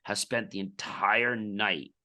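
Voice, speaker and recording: A man's voice: fairly low pitch, fairly even intonation, takes it slowly, sharp tone. A middle-aged man, a podcast guest, telling a business story in casual interview talk and acting out the dialogue.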